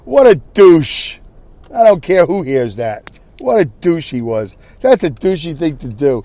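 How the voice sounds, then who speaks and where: A male podcast host tells a story in a lively, exasperated rant. His fairly high voice jumps up and down as he restarts his sentences, keeping a casual, talk-to-the-listener tone. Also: moderate pace, dry recording. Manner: animated, exasperated ranting with repeated restarts.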